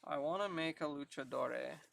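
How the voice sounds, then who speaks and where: A live streamer chatting casually to viewers, thinking out loud and laughing often, a little out of breath. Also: medium pitch, normal speed, vocal fry.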